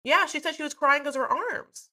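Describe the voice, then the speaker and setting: Gossipy woman cohost, bright sharp voice, chatty recap. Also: sits high, moderate pace. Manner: chatty, gossipy, acts out quotes. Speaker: podcast co-host. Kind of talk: casual chat recapping a reality show.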